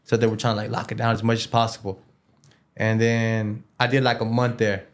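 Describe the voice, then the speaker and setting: A man's voice: fairly low pitch, monotone, fairly quick. Man telling a slangy, rambling prison story. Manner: loose street slang with Spanish words mixed in; rambling, with many fillers and repeated words. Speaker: interview guest. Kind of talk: casual storytelling.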